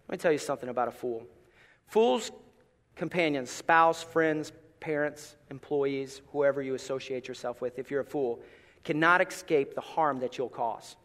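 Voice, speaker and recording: A middle-aged man, a pastor, preaching a sermon with animated storytelling and playful asides. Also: on the high side, unhurried, long pauses, long reverb tail.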